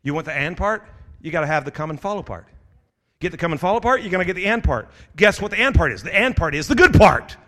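A middle-aged male pastor delivering a sermon, urging his listeners on and swelling into shouted exhortation. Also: sits high, sing-song, fast. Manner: urgent, rising to shouts of exhortation.

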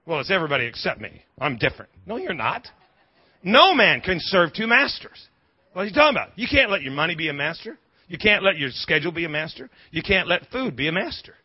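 Animated, husky-voiced preaching man. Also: a little high, no echo, highs cut off. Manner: animated, humorous preaching with quick asides and repeated words. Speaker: pastor. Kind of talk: sermon.

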